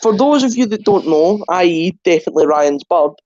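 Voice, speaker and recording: A man's voice: high-pitched, animated, fairly quick, a little mellow, dull audio. A young man hosting a podcast, joking and ribbing his guests in casual banter. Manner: laughing, ribbing, hesitant fillers. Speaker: podcast host.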